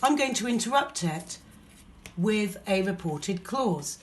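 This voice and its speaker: A woman's voice: mid-range voice, animated, slow. A woman teacher with an English accent, explaining a lesson patiently step by step. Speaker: primary school teacher.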